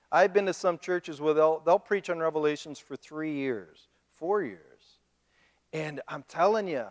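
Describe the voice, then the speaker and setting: Joking preacher in an echoing church. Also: male voice, high voice. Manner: animated, joking, mimics other people. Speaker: pastor. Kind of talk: sermon. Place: church sanctuary. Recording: long reverb of a church hall.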